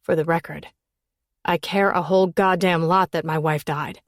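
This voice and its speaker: A woman voicing a grieving widowed male professor in an audiobook, speaking low, quiet and measured. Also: fairly even intonation, no room sound, clean studio sound, close to an everyday voice. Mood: firm. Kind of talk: audiobook character reading.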